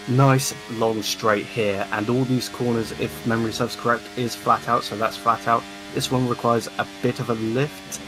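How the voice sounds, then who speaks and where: A man giving calm, corner-by-corner commentary on a sim racing lap, explaining braking and racing lines. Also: fairly low pitch. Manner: relaxed, talks through a lap corner by corner.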